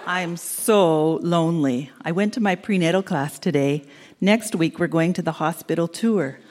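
A woman's voice: on the low side, moderate pace, darkish tone, long reverb tail, slight background noise. A young woman talking as if recording letters to her husband, teasing and giggly. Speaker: letter writer. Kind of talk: reading old tape letters aloud.

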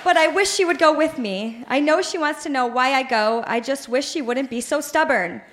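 A woman's voice: high-pitched, moderate pace, background noise. A woman reading her teenage journal aloud on stage at a live show, in a pleading, melodramatic way. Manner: pleading, melodramatic teen outbursts. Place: live bar venue.

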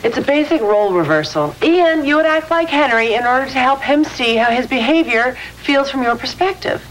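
An actress playing a patient, measured woman therapist in a sitcom. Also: high-pitched, animated, slight background noise, poor audio. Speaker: sitcom character. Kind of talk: sitcom acting.

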